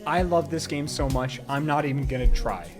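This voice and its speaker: A man from New York with a New York accent, excitedly commenting and swearing while streaming a game and reading chat aloud. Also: fairly high pitch, normal speed, over music. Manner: excitable, swears, reads lines aloud in put-on voices. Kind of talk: casual let's-play commentary.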